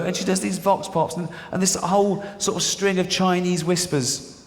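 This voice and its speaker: Sardonic English stand-up comedian. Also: male voice, high-pitched, steady tone, normal speed. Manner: sardonic storytelling, bursts of mock outrage. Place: theater stage before a live audience. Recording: live theater with long reverb and audience noise.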